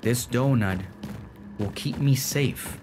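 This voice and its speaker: A man's voice: mid-range voice, slow. A man giving panicky, joking commentary while playing a horror game, often pleading and talking to himself. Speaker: gaming video creator. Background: game music.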